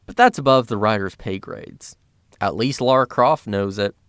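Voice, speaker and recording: A man's voice: lowish voice, normal speed, fairly bright tone, a little hiss or hum. A man narrating a scripted video essay as a film critic, with dry, sarcastic commentary.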